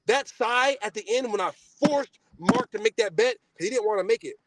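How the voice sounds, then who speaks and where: A young man hosting a podcast, ranting in a boastful, profane, casual way, swinging between loud outbursts and low mutters. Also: expressive, brisk. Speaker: podcast host. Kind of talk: heated casual podcast rant.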